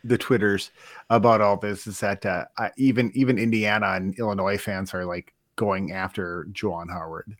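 A man's voice: lowish voice, steady tone, moderate pace, no echo. A man co-hosting a casual sports podcast, often stammering and restarting his sentences. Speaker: podcast co-host.

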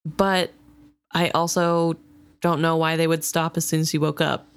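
Animated woman with a lowish voice. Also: measured pace, smooth. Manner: animated, exasperated, hedging. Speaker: podcast co-host. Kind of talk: casual book discussion.

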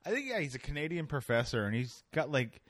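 A man's voice: on the high side, very animated, fast, a bit bright, no echo. Joking, profane male podcast host. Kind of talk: casual comedic chat.

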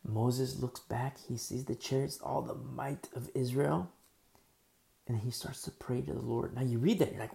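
A man preaching a sermon as pastor, animated and acting out people in the story. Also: medium pitch, normal speed, gravelly.

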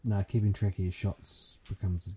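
A man's voice: low-pitched, flat delivery, moderate pace, dark tone, husky. A man in casual chat, hesitant and self-deprecating, with many fillers. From New Zealand.

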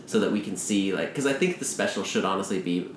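A man in casual chat who rambles through a story pitch and acts out the characters' lines in quick asides. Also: roomy sound, noisy background.

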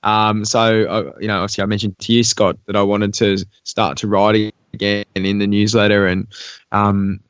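A man's voice: on the low side, level tone, moderate pace, smooth, no echo, lo-fi sound. A man chatting as a podcast guest, talking in a friendly way with stumbling restarts. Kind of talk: remote podcast interview.

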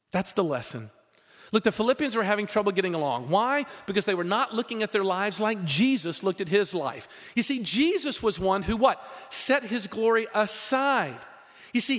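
A man preaching a sermon in a lively, conversational way, with frequent rhetorical questions to the congregation. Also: sits high, long reverb tail. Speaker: pastor.

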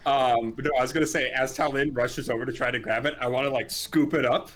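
A man's voice: mid-range voice, fairly even intonation, fast, soft background music. A man playing a tabletop game, talking in a hammy, theatrical way. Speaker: player.

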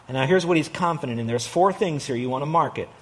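A middle-aged man delivers a sermon in a slightly high-pitched voice. He speaks with earnest conviction, pushing hard on key phrases before easing into soft, reflective asides. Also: fast talker, slightly rough. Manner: earnest preaching, rising to emphatic peaks and dropping to quiet asides. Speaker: pastor.

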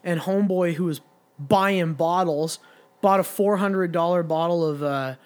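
Speaking at a measured pace in a high voice, a young podcast co-host relates a long, profane bar tale in a casual, wandering way. Along the way he quotes the people in it, giving them voices.

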